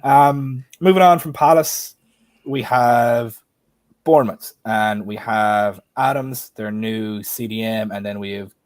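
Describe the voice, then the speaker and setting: A man's voice: medium pitch, slow, dry recording. A man with an Irish accent hosting a casual stream chat, often turning questions to the panel and the chat. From Ireland. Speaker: host.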